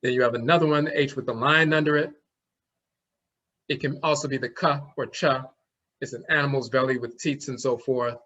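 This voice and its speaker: A man's voice: medium pitch, steady tone, a bit bright, muffled recording. A man teaching an online class, explaining things step by step and sounding out letters as he goes. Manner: explains slowly, demonstrates sounds aloud.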